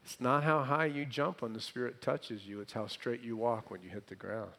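Quizzing his congregation as he preaches, a man swings between loud emphasis and hushed lines. His medium-pitched voice is creaky, steady in tone, and moves at a moderate pace.

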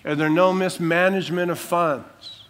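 A man preaching an expository sermon as pastor, emphatic, slowing down to stress key words. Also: sits high, fairly even intonation, fairly bright tone.

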